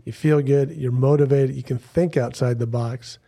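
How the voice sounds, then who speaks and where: A man's voice: medium pitch, steady tone, moderate pace, creaky, mellow. A man as a podcast guest, upbeat and jokey, speaking in a studio. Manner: upbeat, jokey, quotes other people. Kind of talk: casual podcast chat. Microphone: studio headphones and mic.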